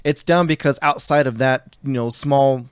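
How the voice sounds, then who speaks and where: Dude running a tabletop game, chatty rules explainer, mid pitched. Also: male voice, normal speed, clear, resonant tone, rough recording. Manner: explanatory, casual, says "you know" a lot. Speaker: game master.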